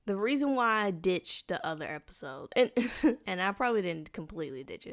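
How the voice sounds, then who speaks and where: A young woman hosts her own podcast, talking loosely and playfully with plenty of slang. She rambles, restarts her sentences and wanders into asides, in a voice sitting in an ordinary middle pitch. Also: animated, brisk. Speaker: podcast host. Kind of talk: casual solo podcast chat.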